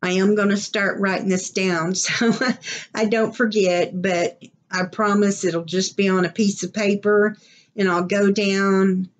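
Woman vlogger with an Oklahoma accent; slow, easygoing, rambling delivery with frequent laughs. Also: medium pitch, little pitch movement, dull audio. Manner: chatty, rambling, laughs often. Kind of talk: casual unboxing vlog.

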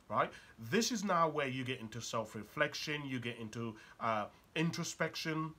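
Husky, animated male coach. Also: medium pitch, normal speed, few pauses. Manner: rhetorical questions, emphatic storytelling. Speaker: life coach. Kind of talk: motivational monologue.

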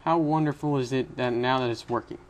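A steady-toned, mid-range male voice runs a little fast as its young owner hosts a casual screen-recorded coding tutorial. He rambles, self-corrects as he goes, and keeps it chatty with little laughs.

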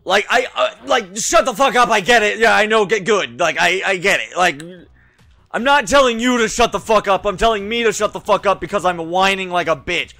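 A man's voice: high-pitched, fairly quick, bright, forceful tone, dry recording. A young man giving frustrated let's play commentary, swearing a lot and muttering to himself as he plays. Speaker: gaming YouTuber.

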